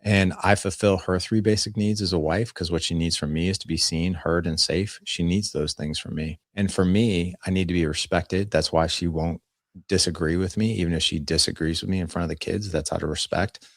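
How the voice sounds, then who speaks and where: A man's voice: low voice, fairly even intonation, a little fast, no room sound, clean studio sound. A man in his forties, a guest on a podcast, talking earnestly and plainly about family life and acting out bits of dialogue as he tells stories. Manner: earnest, plain-spoken, acts out dialogue in anecdotes. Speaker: podcast guest, fatherhood coach. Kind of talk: casual interview storytelling.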